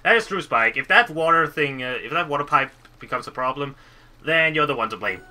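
Excitable chatty man reacting to a cartoon. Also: fairly high pitch, brisk. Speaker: commentator. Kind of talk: first-watch reaction commentary. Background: cartoon playing.

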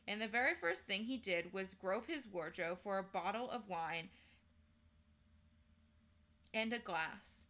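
A woman streamer reading a children's novel aloud in a measured, unhurried way. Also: medium pitch, animated, bright, forceful tone. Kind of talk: storybook read-aloud.

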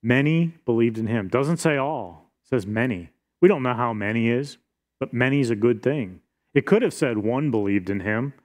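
Middle-aged male pastor, mid-pitched, earnest expository preacher. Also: normal speed. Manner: earnest expository preaching, reading scripture aloud. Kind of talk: sermon.

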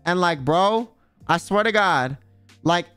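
A man's voice: sits high, animated, slow pace, fairly bright tone, clear, resonant tone, no echo, faint music behind. A man streaming in a casual chat, rambling and swearing freely, full of filler words. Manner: rambling, profane, full of "like" and "you know".

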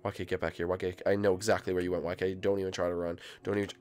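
A man hosting a gaming video, commentating live gameplay, excitable and breaking into shrill squeals. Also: very fast.

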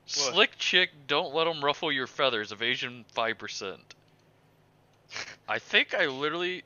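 A man chatting and joking while playing a video game with a friend, lively and playful. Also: medium pitch, a little slow, no room sound, highs cut off. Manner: animated, laughing, swears playfully. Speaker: let's play gamer. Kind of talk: casual gameplay chat.

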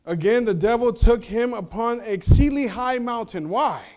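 A male pastor preaching a sermon in a church, asking the congregation rhetorical questions and swinging between loud emphasis and hushed low passages. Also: expressive, normal speed. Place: church sanctuary.

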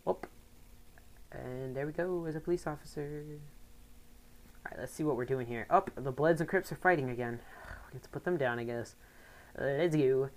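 A woman giving casual let's play commentary, rambling with excitable outbursts. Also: extremely low pitch, moderate pace, pauses often. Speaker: gaming commentator.

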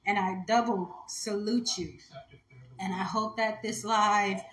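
A woman's voice: mid-range voice, fairly even intonation, takes it slowly, fairly bright tone, reverberant, a little hiss or hum, rough recording. A woman hosting a jewelry live stream, talking to viewers in a heartfelt, chatty way. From United States. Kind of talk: casual live-stream talk.

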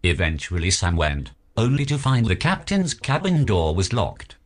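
A man reading a children's picture book aloud as narrator, in an expressive storybook manner. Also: low voice, normal speed.

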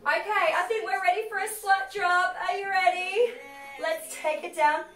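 A woman's voice: very high voice, fairly even intonation, normal speed, fairly bright tone, distant mic, a little hiss or hum. An Australian woman leading a comedic workout class livestream, cheeky and sassy as she coaches the moves while exercising. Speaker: fitness instructor. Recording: roomy, off-mic, music behind. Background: workout music.

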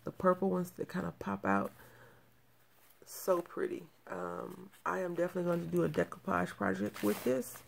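A woman's voice: fairly low pitch, steady tone, normal speed, creaky, slight background noise. A woman in her thirties showing off crafting mail in a casual show-and-tell, gushing and repeating her praise. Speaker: crafting channel host.

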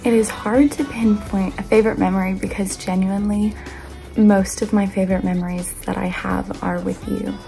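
A woman in her twenties with a mellow, slightly gravelly voice records a loving birthday message for a close friend. She is affectionate and giggly, and a little embarrassed. Soft music plays underneath. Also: mid-range voice, little pitch movement, moderate pace.

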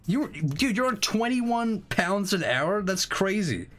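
A young man hosting a live game stream, chatting casually, excitable and swearing freely with rambling restarts. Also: high-pitched, takes it slowly, faint music behind.

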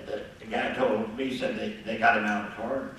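A man's voice: fairly low pitch, level tone, a little fast, a bit bright. An older man telling a rambling, folksy story to a live group, chuckling and acting out the voices of the people in it. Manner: chuckling, folksy, acts out the voices in his stories. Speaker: guest storyteller at a gathering. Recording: echoey room, voice from far off the mic, faint noise.

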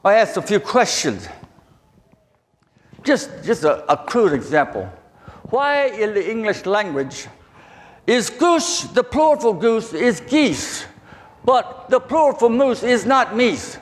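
An older man with a Southern accent and a very high voice preaches a testimony sermon. He talks in a folksy, halting way and often doubles back on his words. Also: sing-song. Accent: Southern American. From southern Virginia, USA.

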